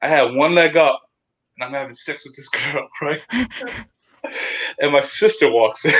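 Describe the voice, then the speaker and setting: Bright-voiced man telling rambling stories. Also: a little high, moderate pace. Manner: rambling, profane, laughs through his stories. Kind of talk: casual storytelling chat. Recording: dull lo-fi sound.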